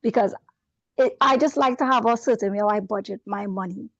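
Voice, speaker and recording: A woman's voice: mid-range voice, a little fast, fairly bright tone, dry recording. A woman with a non-native accent, a student calling into a class over a video call, talking in an apologetic, rambling way. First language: not English. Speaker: student asking a question. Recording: dull, dry video call audio.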